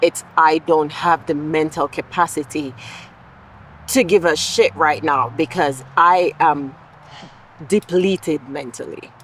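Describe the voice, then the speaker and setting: A woman's voice: sits low, steady tone, slow, a bit bright, slight background noise, low-quality recording. A woman vlogger in a casual monologue, candid and reflective, talking through her feelings aloud with the odd swear word. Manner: occasional swearing.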